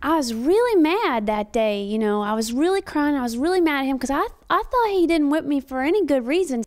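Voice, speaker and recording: A woman's voice: sits high, lively intonation, brisk. Young woman telling a rambling comic story. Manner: rambling, filler-heavy retelling.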